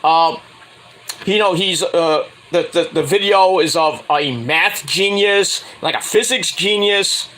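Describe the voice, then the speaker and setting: A man's voice: sits high, slow. A man casually reviewing a wrestling show on his own, rambling with crude asides. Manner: rambling, crude asides, jumps into loud impressions.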